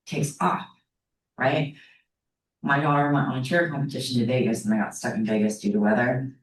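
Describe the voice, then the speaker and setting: In a brisk, rumbling low voice with fairly even intonation, a middle-aged psychology instructor chats her way through a lesson. She tells stories casually and frequently checks in with her students. The classroom echoes, and the mic sits some distance away.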